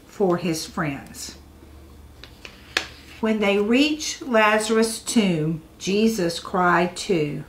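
A woman reading a picture book aloud to children, expressive, with dramatic pauses. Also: medium pitch. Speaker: children's storyteller.

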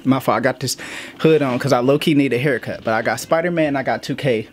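Man, casual vlog host, slangy asides, slightly out of breath, home office, mid pitch, faint background hiss. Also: fast. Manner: slangy, talks straight to viewers with lots of asides. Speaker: gaming YouTuber host. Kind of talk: casual vlog talk to viewers.

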